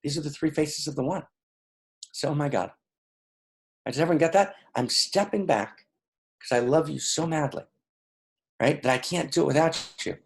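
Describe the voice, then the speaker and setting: A man's voice: on the high side, animated, normal speed, vocal fry, pauses often, slight background noise. A man giving an impassioned spiritual teaching on a video call, emphatic and often checking in with his listeners. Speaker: teacher leading an online session.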